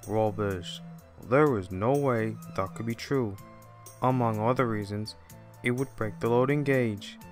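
A curt, huffy steam tank engine, as a man voices him in a fan-made train story. He talks slowly and plainly, wanting no nonsense. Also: on the low side, soft background music, natural voice.

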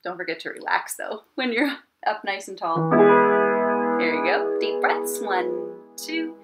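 A woman teaching an online elementary music class at her computer, talking slowly and gently and singing warm-ups. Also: lowish voice, animated. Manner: gentle, encouraging, slow and clear, sings warm-ups. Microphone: computer mic. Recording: piano playing along.

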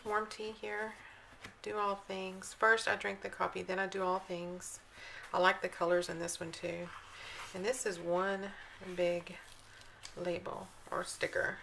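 A woman's voice: mid-range voice, creaky, background noise. A woman vlogging a casual walkthrough of planner sticker books, reading the slogans aloud in a chatty, admiring way.

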